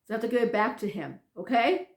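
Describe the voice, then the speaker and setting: Woman playing a calm elderly mother, high and soothing, unbothered, echoey room. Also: quick pace, close to an everyday voice. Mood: reassuring.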